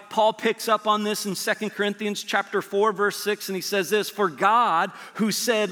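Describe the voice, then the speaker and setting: A man preaching a sermon as a pastor, animated and rising to near-shouts on key lines. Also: sits high, normal speed, hardly any pauses. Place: church sanctuary. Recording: long hall reverb.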